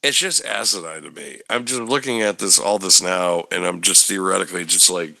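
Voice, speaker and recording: A man's voice: low-pitched, a little fast, vocal fry, sharp tone. A man co-hosting a casual podcast, ranting in exasperation and swearing freely. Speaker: podcast co-host. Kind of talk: casual wrestling chat.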